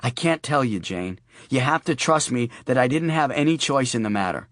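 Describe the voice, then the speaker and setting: A man's voice: mid-range voice, lively intonation, moderate pace, a bit bright, no room sound, lightly acted. A male narrator voicing a worried young father with wry, earnest humor, recorded dry and close.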